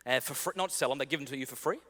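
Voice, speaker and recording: A man's voice: medium pitch, rapid-fire. A man in his thirties giving a humorous keynote talk, telling stories and acting out bits of dialogue. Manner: animated, comic, acts out dialogue. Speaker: keynote speaker. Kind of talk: humorous storytelling keynote speech. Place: large conference hall. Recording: big hall with long reverb.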